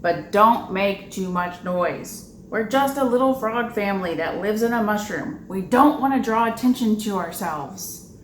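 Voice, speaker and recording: A woman's voice: medium pitch, lively intonation, a little slow, lightly acted. A woman voicing a worried frog father in a storybook reading, firm and anxious, in an echoey, noisy room. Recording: echoey room with background noise.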